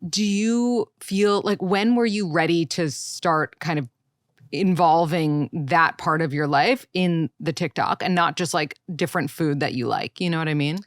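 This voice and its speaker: A woman's voice: low-pitched, measured pace, no room sound, clean studio sound. A woman hosting a podcast, asking questions in a casual, conversational way. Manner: conversational interviewer with brief reactions. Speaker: podcast host. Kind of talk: casual interview talk.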